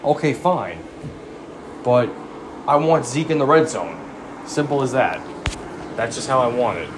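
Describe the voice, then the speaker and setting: A man's voice: medium pitch, expressive, unhurried, noisy background. A man giving a profane, exasperated sports rant as a fan commentator, firing off rhetorical questions.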